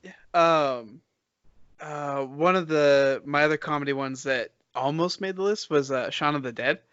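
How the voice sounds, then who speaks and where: A man's voice: fairly high pitch, measured pace, a bit bright, clear, resonant tone, dry recording, highs cut off. A man co-hosting a podcast in casual chat, easygoing and agreeable. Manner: easygoing, brief agreeing replies. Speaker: podcast co-host.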